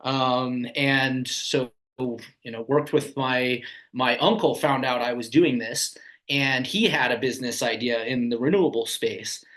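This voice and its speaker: Man in his thirties, laid-back podcast guest, middle-pitched, easygoing and rambling. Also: unhurried, poor audio. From Colorado, USA. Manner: relaxed, rambling, lots of "you know" and "um". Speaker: guest, ski company founder. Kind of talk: casual interview chat.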